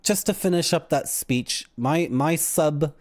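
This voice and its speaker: A man's voice: fairly high pitch, a little slow, dry recording, clean studio sound. A man from Canada, chatting casually and jokingly to viewers while streaming games. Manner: jokey, rambling, puts on silly voices. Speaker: game streamer. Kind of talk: casual livestream chat.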